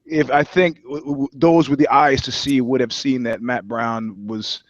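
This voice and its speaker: A man's voice: mid-range voice, fairly even intonation, unhurried, dry recording, highs cut off. A man co-hosting a podcast, talking casually. He rambles and restarts often, and he swears freely. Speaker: podcast co-host. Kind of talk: casual chat.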